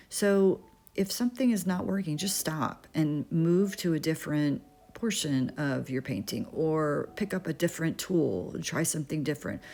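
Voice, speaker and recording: A middle-aged woman with a low, gravelly voice walks through a painting tutorial. She thinks aloud, relaxed, with small fillers and restarts. Soft music plays faintly underneath. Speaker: art instructor.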